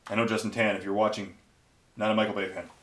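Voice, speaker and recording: A man's voice: lowish voice, little pitch movement, fast, fairly bright tone. A man hosting a hobby painting video, chatting casually and rambling with many fillers while he paints miniatures.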